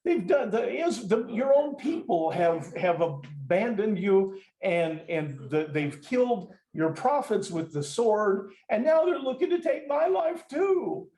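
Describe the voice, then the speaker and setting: Brief: man doing a self-pitying male prophet, high whine, roomy sound. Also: sing-song, unhurried, few pauses, dark tone. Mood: whiny. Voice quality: high-pitched, complaining whine. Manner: emphatic mock-reading. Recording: roomy echo.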